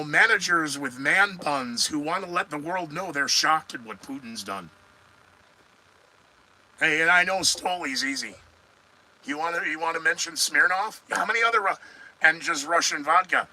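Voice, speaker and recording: A man's voice: a little high, expressive, moderate pace, sharp tone, poor audio. Sarcastic rambling podcast host, man. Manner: sarcastic, rambling, talks back to viewers. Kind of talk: live news commentary podcast.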